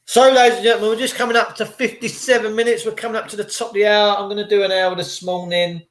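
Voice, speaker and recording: A man's voice: high-pitched, little pitch movement, fast, fairly bright tone. A man vlogging a rambling, preachy spiritual monologue to his viewers in casual slang. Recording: echoey room.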